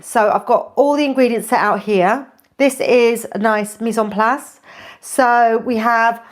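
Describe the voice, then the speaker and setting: A woman hosting a live cooking stream from her kitchen, chatty and a little nervous, with lots of ums and restarts as she greets viewers. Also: fairly high pitch. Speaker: food channel host.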